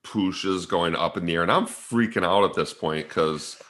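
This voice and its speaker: Animated low-voiced man telling a story. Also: normal speed. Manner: animated storyteller, acts out both sides of the story. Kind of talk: casual chat retelling a video game session.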